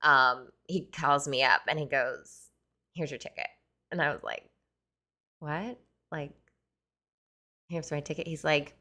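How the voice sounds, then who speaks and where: Low-voiced woman telling a chatty story. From United States. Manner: chatty, animated, many fillers like "like" and "you know". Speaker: podcast host, tattoo artist. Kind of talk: casual storytelling monologue.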